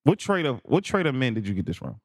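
A man co-hosting a casual podcast chat, teasing his friend, laughing often and needling him with quick questions. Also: medium pitch, big pitch swings, a little mellow, dry recording, clean studio sound. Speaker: podcast co-host.

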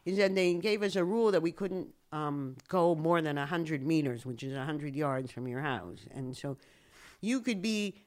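A woman's voice: deep voice, normal speed, darkish tone. An older woman from Canada chatting in an interview, telling wry anecdotes and acting out other people's voices with a laugh. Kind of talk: casual interview chat.

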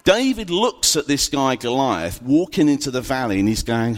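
A man preaching in a casual, storytelling way, tossing in humorous asides. His pitch swings up and down with lively energy. The sound carries a long, echoing reverb, as in a large hall. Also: normal speed. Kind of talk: sermon.

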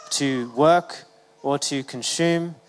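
A man's voice: on the high side, takes it slowly, long reverb tail, rough recording. A man giving a sermon as the church's pastor, talking in a casual, conversational way with many fillers and restarts.

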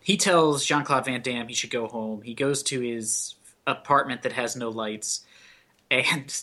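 A man's voice: mid-range voice, unhurried, sharp tone. A man co-hosting a casual movie podcast, riffing sarcastically and swearing freely. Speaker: podcast co-host.

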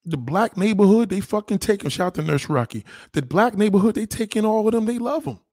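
New guy going off, swearing nonstop, kinda husky, dry close mic. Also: fairly quick, dry recording. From New York. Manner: profane, animated, swinging pitch. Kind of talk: casual rant.

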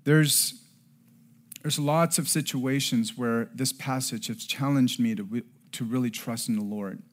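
A middle-aged man preaching a sermon and telling a personal story, earnest, rising to loud emphasis and dropping to hushed tones. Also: medium pitch, fairly even intonation, measured pace. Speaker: pastor.

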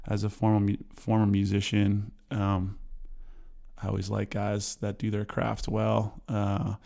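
A man hosting a podcast in a relaxed, joking way, with lots of fillers and restarts. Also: lowish voice, a little slow, vocal fry. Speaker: podcast host. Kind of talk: casual interview chat.

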